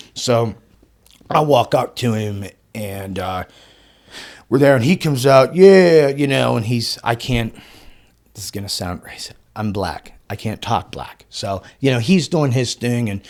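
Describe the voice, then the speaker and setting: A man on a podcast as the guest, telling a story in an excitable way. He swears often, laughs mid-sentence and acts out the dialogue. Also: medium pitch, a little slow. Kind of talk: animated storytelling.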